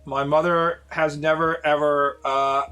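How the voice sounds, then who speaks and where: A man's voice: a little high, flat delivery, measured pace, a bit bright, smooth, soft background music. A man in his late thirties, a streamer casually telling rambling, profane stories to his viewers with lots of fillers. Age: 30s.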